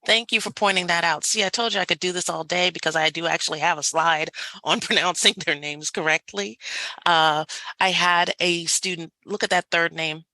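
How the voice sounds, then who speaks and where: A woman leads a faculty workshop over a video call, lively and quick to laugh. Her voice is low and gravelly with a bright edge, and the sound is close and dry. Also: dry recording, poor audio. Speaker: workshop presenter. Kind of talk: online faculty workshop presentation.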